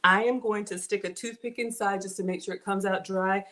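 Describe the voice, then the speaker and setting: A woman's voice: mid-range voice, fairly even intonation, a little fast, heavy background noise. Chatty woman cooking live. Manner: chatty, thanks viewers and reads out donations. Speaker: home cook livestreamer. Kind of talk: casual livestream cooking chat. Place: home kitchen.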